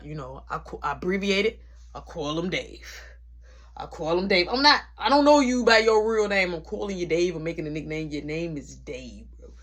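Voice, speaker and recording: Slangy woman telling a workplace story. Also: lowish voice. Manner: animated, slangy, breaks into quoted voices. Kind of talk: casual storytime vlog.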